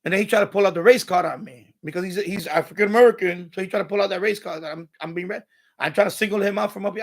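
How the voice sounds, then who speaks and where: A man's voice: sits high, rapid-fire. A middle-aged man, ranting bluntly and profanely as he tells a story on his livestream. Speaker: livestream host. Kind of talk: casual ranting monologue.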